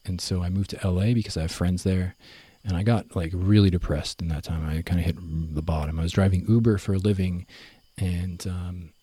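A young man telling his story in a relaxed, rambling way, full of fillers and self-corrections. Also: low voice, brisk, slightly rough, no echo. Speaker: guest. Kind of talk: casual conversational storytelling.

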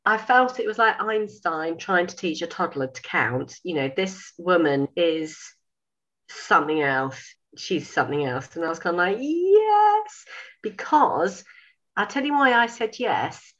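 A woman in her fifties, a sewing school owner, telling a story in a lively way, acting out dialogue and laughing. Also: fairly low pitch, unhurried, lo-fi sound. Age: 50s. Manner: animated, laughing, acts out dialogue. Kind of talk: casual storytelling.

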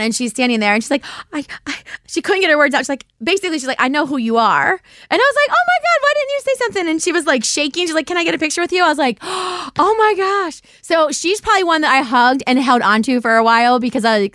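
Lively chatty woman podcast host. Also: smooth, no echo, clean studio sound. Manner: chatty storyteller, acts out quotes with big pitch jumps. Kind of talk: casual live Q&A chat.

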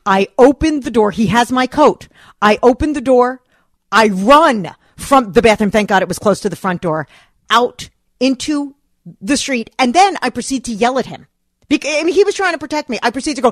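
A middle-aged woman hosting a talk radio show, telling a personal story in an animated way and acting out her own past lines. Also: mid-range voice, normal speed, no echo, studio quality.

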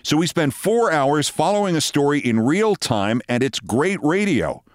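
An older man hosting a show, telling a long anecdote in a wry, brisk storytelling manner. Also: fairly high pitch, very animated, dry recording, clean studio sound. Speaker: host. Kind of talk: storytelling monologue.

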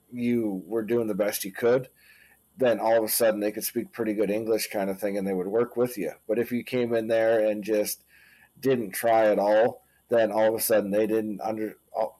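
A man with a low, warm, mellow voice. He talks casually as a podcast guest, circling his thoughts with fillers and asides. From Canada. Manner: rambling, thoughtful, many fillers like "kinda thing". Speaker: guest, former owner-operator trucker.

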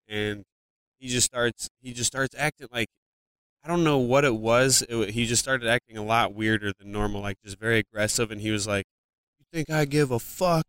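A man's voice: mid-range voice, a bit bright, clear, resonant tone, dry recording. A comedian from Ohio, a man, telling a personal story in a casual podcast interview, rambling with many fillers and swearing now and then. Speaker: comedian guest.

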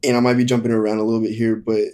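A young man candidly telling a hard personal story in conversation, halting and full of fillers. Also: lowish voice, level tone, dark tone. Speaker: guest.

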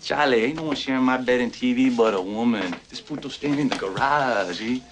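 A man voicing a surly young cholo cousin who talks in gruff, dismissive slang. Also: mid-range voice, brisk, noisy background, voice pushed down, close to an everyday voice.

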